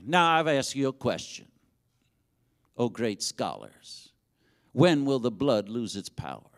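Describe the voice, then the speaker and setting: A man's voice: medium pitch, very animated, slow pace, pauses often. A man pastor preaching a sermon and leading a prayer, with rising intensity and fervent repetition. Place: church sanctuary.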